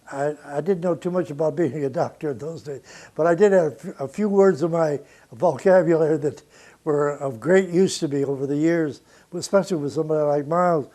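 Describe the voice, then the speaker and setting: An older man with a notably high speaking voice tells studio stories from his years as a record producer. He is blunt and profane and animated, breaking into laughter between anecdotes in a relaxed interview.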